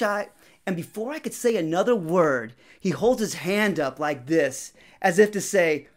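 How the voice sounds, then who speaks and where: Brief: young male storyteller, conversational, animated intonation, acts out the dialogue. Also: high voice, normal speed. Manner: lively, conversational, acts out quotes. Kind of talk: personal story narration.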